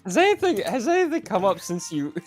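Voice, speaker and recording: Excitable young man, slightly high voice. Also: faint music behind. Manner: excitable, halting, full of fillers. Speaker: tabletop game player. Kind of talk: casual post-game chat.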